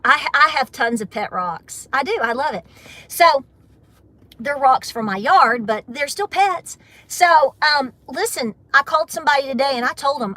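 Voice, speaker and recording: Woman, american, live-stream host, chatty and emphatic, crisp bright tone, dry close sound. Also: high voice, moderate pace, dry recording. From United States. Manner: chatty, emphatic, repeats points for stress. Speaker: homesteading channel host. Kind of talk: casual live-stream chat.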